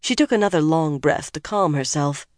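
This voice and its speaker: An audiobook narrator giving a measured, expressive scripted reading. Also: mid-range voice, no room sound, studio quality.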